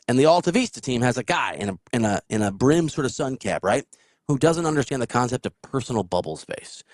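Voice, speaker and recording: A man hosting a casual podcast who tells stories in a lively way, laughs often and acts out the people he quotes. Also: mid-range voice, no echo. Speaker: podcast host. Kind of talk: casual storytelling chat.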